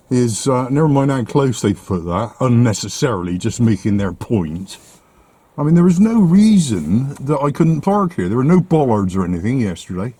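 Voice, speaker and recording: A man's voice: mid-range voice, mellow, husky. A man filming a casual vlog on a street and in his car, grumbling and exasperated, out of breath. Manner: grumbling, exasperated, swears mildly. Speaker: vlogger. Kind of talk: casual vlog commentary while walking and driving. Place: outdoors on a street in the rain, then inside a car.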